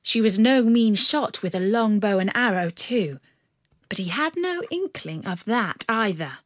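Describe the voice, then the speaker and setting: A woman reading a storybook aloud in a measured, expressive way. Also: mid-range voice, no room sound, clean studio sound. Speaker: narrator. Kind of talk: storybook narration.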